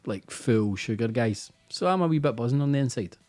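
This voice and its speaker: A man's voice: mid-range voice, expressive, fairly quick, a little mellow. A Scottish man hosting a casual live-stream quiz, chatty and teasing, tired after a busy day, over faint music. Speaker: quiz host.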